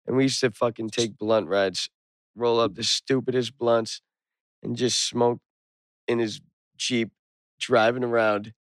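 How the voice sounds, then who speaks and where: A young man telling a rowdy story in casual chat, swearing, animated and getting loud. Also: mid-range voice, unhurried, long pauses, dry recording.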